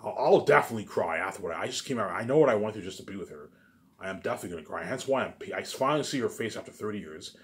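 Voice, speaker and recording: A man's voice: fairly low pitch, animated, rapid-fire. A man rambling through a daydream monologue, stumbling over restarts and saying "obviously" and "you know what I'm saying" over and over. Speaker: vlogger.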